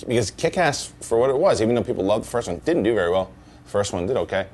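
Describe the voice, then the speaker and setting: A man's voice: on the low side, very animated, quick pace, darkish tone. A man chatting casually as a panelist on a movie talk show. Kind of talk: casual chat.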